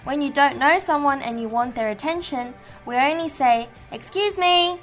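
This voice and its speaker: A woman co-hosting an English learning show, explaining polite phrases in a clear, teacherly way. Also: sits high, fairly bright tone, soft background music. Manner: clear teacherly delivery, models phrases slowly. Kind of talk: scripted language-lesson chat.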